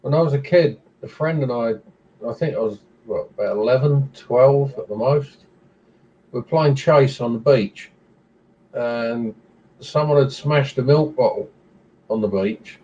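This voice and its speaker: A man in casual conversation, telling a story in a relaxed way. His mellow voice sounds distant and dull, as if it were coming in over a poor line. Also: mid-range voice, measured pace. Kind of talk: casual chat.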